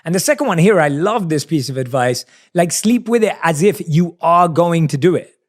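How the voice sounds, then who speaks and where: Man, podcast host, slightly higher voice, eager, sums up tips. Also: animated, moderate pace. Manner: enthusiastic, recapping advice for listeners. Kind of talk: casual interview chat.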